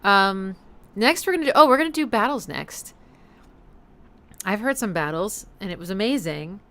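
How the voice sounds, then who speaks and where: A woman's voice: mid-range voice, lively intonation, normal speed, fairly bright tone. A woman hosting a music listening stream, analyzing songs in a rambling, casual way, full of fillers and self-corrections, and humming rhythms to make her point. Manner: hums and scats rhythms to illustrate.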